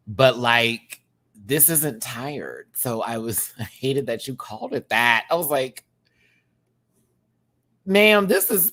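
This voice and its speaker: A man in his thirties, a drag queen, giving a sassy, animated casual review and laughing often while answering viewers. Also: lowish voice. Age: 30s. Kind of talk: casual chatty episode review.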